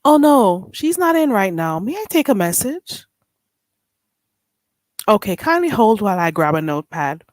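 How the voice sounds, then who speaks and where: A woman's voice: mid-range voice, sing-song, normal speed, long pauses, darkish tone, dry recording, close to an everyday voice. A woman doing a prim, courteous phone receptionist. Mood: polite. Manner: formal, courteous phone manner. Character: polite woman answering a household phone.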